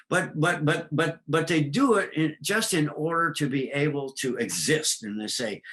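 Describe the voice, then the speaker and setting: A man explains astrology in a relaxed, rambling way, telling stories as he goes. He pauses often with ums and uhs. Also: on the high side, poor audio. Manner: storytelling, hesitant with fillers. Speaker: astrologer guest. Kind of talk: casual explanatory talk.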